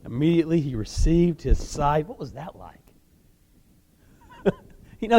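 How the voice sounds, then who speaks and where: A man preaching a sermon, telling the story in an animated way with casual asides. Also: a little high, unhurried, long pauses, in a large hall. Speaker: guest preacher.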